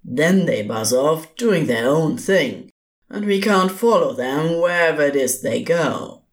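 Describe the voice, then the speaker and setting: A man voicing a bored, gleeful male ghost in a fan audio drama, slow and teasing. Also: fairly high pitch, lively intonation. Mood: flippant. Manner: flippant, teasing. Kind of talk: podfic voice acting.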